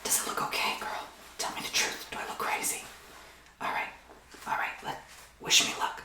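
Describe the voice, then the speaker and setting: A man's voice: mid-range voice, steady tone, measured pace, reverberant, background noise, natural voice. A man whispering in a role-play as a pushy, rude male timeshare salesman who presses hard for a sale. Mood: pleading. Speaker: ASMR role-player.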